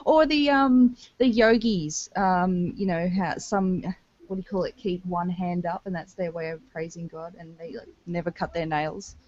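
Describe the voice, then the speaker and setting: A woman's voice: fairly low pitch, steady tone, normal speed, darkish tone, dry recording, lo-fi sound. A woman chatting casually on a podcast panel, giggly and groping for words.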